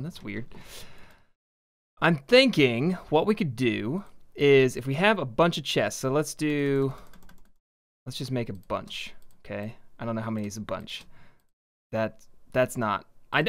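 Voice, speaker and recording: A young man hosting a casual gaming video, thinking out loud and joking at his own expense as he builds. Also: medium pitch, clear, resonant tone. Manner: chatty, self-mocking, thinking aloud. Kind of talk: casual let's-play commentary.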